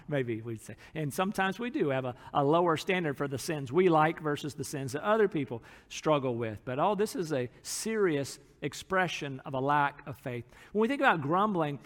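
A man's voice: on the high side, big-room sound. A man preaching a sermon as pastor, earnest, acting out quotes from people in the text.

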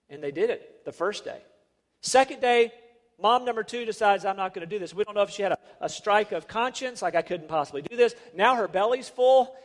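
A man preaching a sermon as a pastor, emphatic and full of rhetorical questions. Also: sits high. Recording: long reverb of a large hall.

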